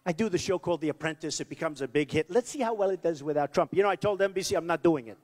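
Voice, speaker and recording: A man's voice: a little high, very fast, a little mellow. A man giving an off-the-cuff campaign rally speech, rambling, repetitive and boastful. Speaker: political candidate. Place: large rally venue. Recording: long reverb of a big hall.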